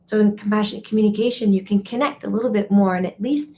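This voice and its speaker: A woman hosting a casual live stream, chatty and animated, breaking into quoted voices and laughing often. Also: mid-range voice, fast. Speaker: medium and teacher. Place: home or studio, live stream.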